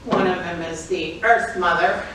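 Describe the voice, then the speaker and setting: Older woman author, slow and animated, laughing through her talk; very echoey room, mic far off. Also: on the low side. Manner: lively and chatty, laughing often. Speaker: author giving a performance talk. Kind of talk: informal performance talk. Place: public library event room. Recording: very echoey room, distant mic, faint noise.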